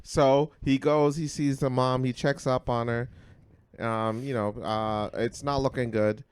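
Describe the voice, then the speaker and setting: A man co-hosting a podcast, telling a story in casual, profane, animated talk that swings between loud and mumbled. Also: medium pitch, unhurried, clean tone. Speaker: podcast co-host.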